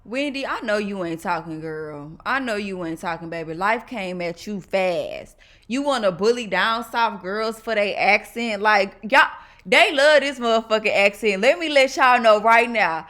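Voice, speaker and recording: A woman's voice: mid-range voice, expressive, normal speed, fairly bright tone. A woman from Texas with a Southern accent, talking casually and emphatically to her viewers as she reacts to clips. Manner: sassy, emphatic, addresses viewers as y'all. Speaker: reaction video host.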